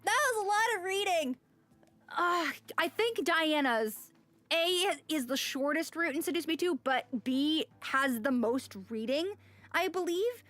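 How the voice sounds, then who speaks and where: A woman's voice: sits high, a bit bright, no room sound. A woman streaming a game, reading its text aloud and chatting casually, with frequent sighs and exclamations. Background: faint music.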